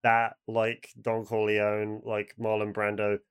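A man's voice: lowish voice, monotone, slow pace, clean tone, no echo. A man co-hosting a casual podcast, eagerly rambling through stories from games he ran as game master. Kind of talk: casual chat.

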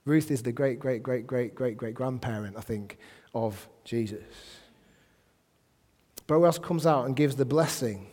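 A man preaching a sermon and reading scripture aloud, animated, swinging between soft asides and loud emphatic bursts. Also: medium pitch, unhurried. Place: church hall. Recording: long hall reverb.

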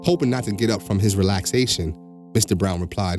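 Deep voiced guy reading a kids story, slow and steady, music bed under it. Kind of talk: scripted story narration with character voices.

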